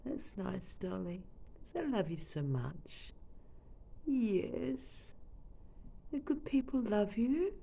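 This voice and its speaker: A woman with an Australian accent at home, talking softly and fondly to her pet parrot while filming it on her phone from close by. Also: mid-range voice, expressive, slow pace, vocal fry, pauses often, husky. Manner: soft, doting baby-talk to her bird. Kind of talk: casual chat to a pet on camera. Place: at home, leaning over a couch. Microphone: phone camera held close.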